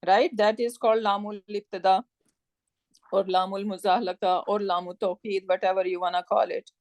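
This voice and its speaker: A woman teaching a live grammar class, explaining step by step and often checking with "right?", in a warm, encouraging tone. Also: mid-range voice, level tone, moderate pace, no room sound. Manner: warm encouraging tone with religious phrases.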